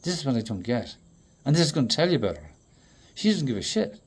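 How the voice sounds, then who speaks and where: A man in a rambling, profane monologue that swings between loud outbursts and low mutters. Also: very animated, fast, husky.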